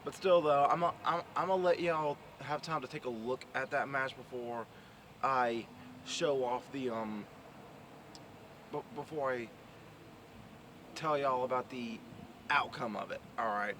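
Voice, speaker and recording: A man's voice: mid-range voice, measured pace, pauses often, a bit bright. A man, chatting casually in a rambling way and restarting often, recording outdoors. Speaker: vlogger and pro wrestler. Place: outdoors near traffic. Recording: outdoor street noise audible.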